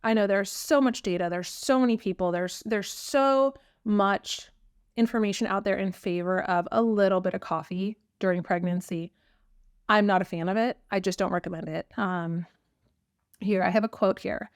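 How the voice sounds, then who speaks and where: A woman's voice: medium pitch, normal speed, clean tone, no echo, studio quality. A woman hosting her own podcast, talking earnestly and frankly with frequent ums in a casual solo chat. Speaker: podcast host.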